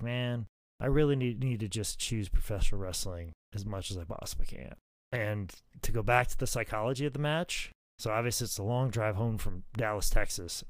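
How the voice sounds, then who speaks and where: A man's voice: on the low side, dry recording. A man telling a wrestling story in casual podcast chat, swearing freely and filling his talk with "like". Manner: profane, animated, lots of "like" fillers.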